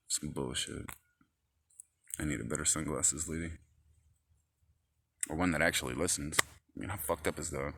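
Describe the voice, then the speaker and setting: A man with a low voice and a sharp, pressed edge to it. He rambles in an irritated, profanity-laced monologue recorded on his phone, jumping between complaints. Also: normal speed, gravelly, long pauses, slightly rough. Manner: agitated, profane ranting. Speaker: vlogger.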